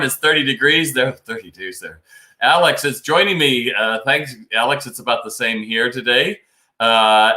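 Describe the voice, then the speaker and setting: Male host, low voice, bright and forceful, chatty live-stream advice, echoey room. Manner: chatty and advisory, reads out viewer comments. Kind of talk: casual live-stream talk, answering viewer questions. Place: home studio, New York.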